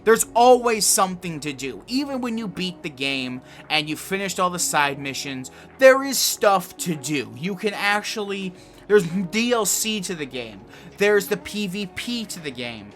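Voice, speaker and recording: A man reviewing a video game in a casual, excitable way, swearing a lot and rambling. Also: high voice, measured pace, faint music behind.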